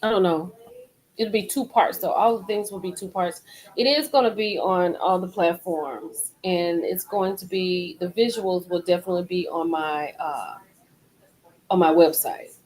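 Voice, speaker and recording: A woman's voice: lowish voice, moderate pace, darkish tone, poor audio. A middle-aged woman hosting a live stream, rambling in casual chat and repeating herself as she talks straight to her viewers.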